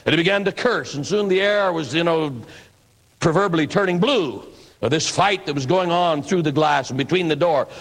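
A man's voice: fairly high pitch, moderate pace, fairly bright tone. A man preaching in a reflective, conversational storytelling manner. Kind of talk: storytelling sermon.

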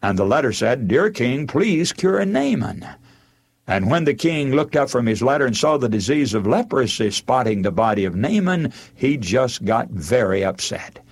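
Guy preaching, husky voice, swings his pitch all over, acts out the parts as he tells the story. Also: moderate pace, few pauses. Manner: animated storytelling, acting out the characters' lines. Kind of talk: sermon retelling a Bible story.

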